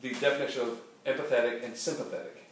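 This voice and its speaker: A co-host speaks at a mid pitch and keeps to short, encouraging replies and dry asides. The voice sounds far from the mic. It sits in a very echoey room with faint noise behind it. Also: fairly even intonation, quick pace. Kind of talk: casual podcast chat.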